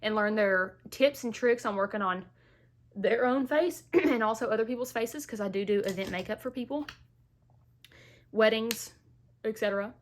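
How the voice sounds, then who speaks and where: A woman's voice: fairly high pitch, normal speed. Chatty young woman doing her makeup. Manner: chatty, playful asides, Southern-style "y'all". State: recovering from illness, gets out of breath. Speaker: beauty vlogger. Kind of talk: casual makeup tutorial chat. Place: at home.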